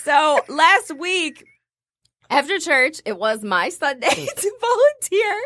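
A woman's voice: sits high, sing-song, takes it slowly, bright, forceful tone, no echo. A woman telling a story in casual chat, acting out each line of dialogue and laughing often.

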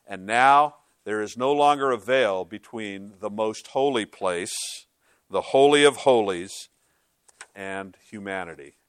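A man's voice: lowish voice, measured pace, clear, resonant tone, dry recording, clean studio sound. A male pastor preaching a sermon in a conversational, emphatic way, with frequent rhetorical questions.

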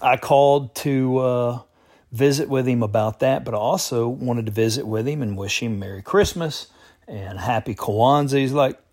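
A man's voice: medium pitch, moderate pace, a little mellow. Folksy, opinionated man vlogging. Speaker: political commentary vlogger. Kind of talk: casual monologue to viewers.

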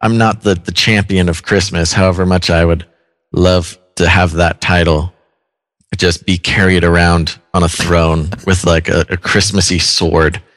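A man co-hosting a casual faith discussion podcast, jokey and quick to slip into silly voices. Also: deep voice, little pitch movement, a bit bright, no room sound. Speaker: podcast co-host.

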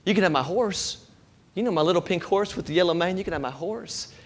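Sermon illustration: a soft-spoken little girl begging to keep her treasure, voiced by a man. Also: high-pitched, animated, brisk, pitched above the performer's own voice. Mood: pleading. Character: little girl, pleading and devoted to her father.

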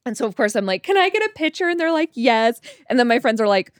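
A woman chatting casually and telling a story, acting out quoted dialogue in a higher voice. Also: very animated, quick pace, clean tone, no echo, clean studio sound.

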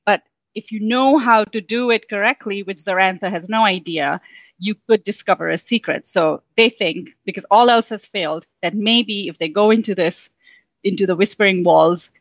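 A woman's voice: on the low side, vocal fry, a bit bright, no echo. Woman reading a storybook aloud. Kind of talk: storybook narration. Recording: dull, dry sound.

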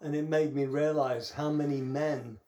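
A man's voice: a little high, steady tone, dark tone. British man telling hospital stories. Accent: British English. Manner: halting, storytelling, laughs at his own anecdotes. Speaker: podcast co-host. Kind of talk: casual chat.

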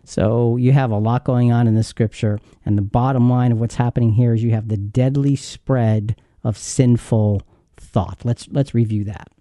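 A man's voice: mid-range voice, steady tone, normal speed, warm tone, dry recording, clean studio sound. A man in his fifties hosting a Bible teaching show, telling a painful story in a heartfelt, earnest way. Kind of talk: earnest devotional talk.

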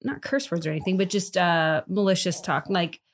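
A woman co-hosts a relaxed conversational show, agreeable and chatty, often laughing along with her partner. Her voice sits a little low for a woman. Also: brisk, a little hiss or hum. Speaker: podcast co-host. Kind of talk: conversational discussion.

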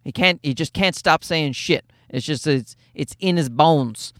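High-voiced man rambling on a podcast. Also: a little slow, a bit bright, dry recording, studio quality. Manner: rambling, profane, self-deprecating storytelling. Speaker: podcast host. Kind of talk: casual podcast monologue.

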